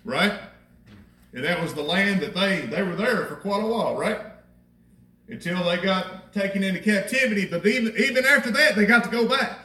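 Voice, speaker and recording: A man preaching a sermon in a high voice, talking with his congregation and repeating himself for emphasis. His voice comes from some distance and rings through a roomy church. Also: moderate pace, sharp tone. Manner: conversational preaching, rhetorical questions, repeats phrases. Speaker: pastor. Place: church sanctuary. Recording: echoey church from a distant mic.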